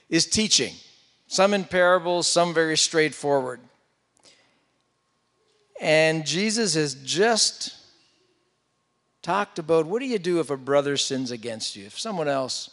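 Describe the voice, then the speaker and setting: A man preaching a sermon, retelling a scripture story with loud emphasis and hushed asides. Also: a little high, in a large hall. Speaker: pastor.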